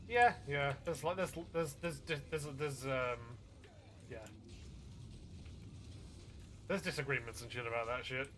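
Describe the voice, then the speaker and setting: A man casually chatting while streaming a game, excitable, rambling and swearing freely. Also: medium pitch, a little hiss or hum. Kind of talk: casual gaming stream chat.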